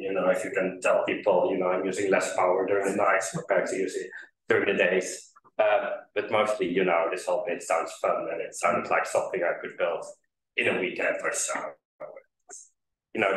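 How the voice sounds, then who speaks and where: A hoarse man giving a casual technical conference talk, with lots of fillers and a self-deprecating manner. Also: low-pitched, fairly bright tone. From Netherlands. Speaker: conference speaker. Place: conference room. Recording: echoey hall, mic far off.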